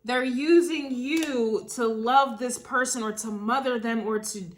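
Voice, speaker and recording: A woman reads tarot cards in a loose, casual monologue, her voice sitting a bit high. She sounds emotional and circles back over her words as she thinks aloud, now and then swearing. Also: measured pace. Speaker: tarot reader.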